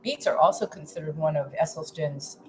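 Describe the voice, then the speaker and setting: A woman's voice: sits low, brisk, slight background noise, poor audio. A woman hosting a live cooking stream from her home kitchen, chatting casually and thinking aloud as she chops, with restarts and pleased hums as she tastes. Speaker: healthy-eating coach hosting a live stream.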